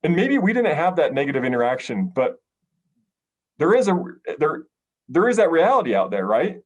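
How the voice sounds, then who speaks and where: A middle-aged American police sergeant telling a personal story in a podcast conversation, earnest and emotional, with frequent ums and restarts. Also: male voice, on the high side, sing-song, normal speed, lo-fi sound. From United States.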